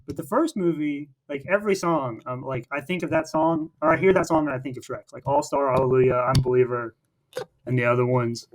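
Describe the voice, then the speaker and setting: A man's voice: mid-range voice, a little fast, background noise. A man co-hosting a casual film podcast, recapping the plot in a rambling way with many fillers and restarts. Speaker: podcast co-host.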